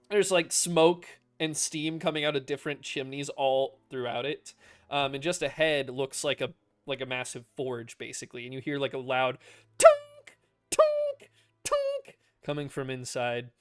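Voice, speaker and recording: A man's voice: mid-range voice, clear, resonant tone. A man narrating a tabletop role-playing game as game master, in loose, chatty descriptions full of fillers.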